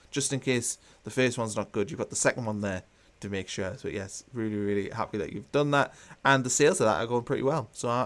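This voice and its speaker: A man hosting a football watchalong, chatting casually with many fillers and restarts while he reads out live comments. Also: mid-range voice.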